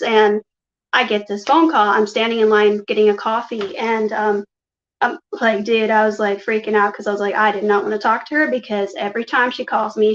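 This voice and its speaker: A woman guest telling her personal story in a rambling way, retelling conversations with "he's like" and "I'm like". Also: mid-range voice. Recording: dull, muffled lo-fi audio.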